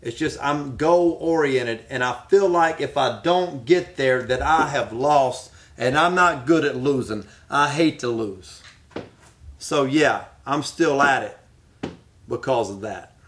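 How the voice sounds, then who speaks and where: A man's voice: medium pitch, slow pace, fairly bright tone. A man who is an aspiring pro wrestler answers interview questions in an emphatic, fired-up, determined way.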